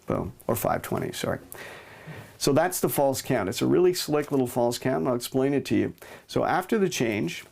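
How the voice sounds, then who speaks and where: A man with a gravelly, creaky voice walks through a magic trick step by step, relaxed and explanatory. His pitch sits in an ordinary middle range. Faint noise hums behind him. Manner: relaxed, explanatory, punctuates with "boom". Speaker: magic instructor. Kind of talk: demonstrating and explaining a card trick.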